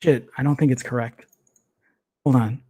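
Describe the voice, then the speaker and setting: On a laid-back tech livestream, a male host chats at a moderate pace in a mellow, medium-pitched voice with a breathy edge and fairly even intonation. He rambles and cuts himself off, apologizing as he struggles with his photo files and swearing quietly to himself.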